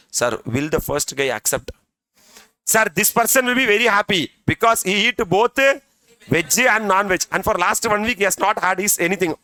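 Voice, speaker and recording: A middle-aged man, a CA exam tutor, gives a chatty classroom lecture full of story examples, constantly asking "are you with me" and saying "sir" a lot. His voice is a little high, pushed and bright, on a dry recording.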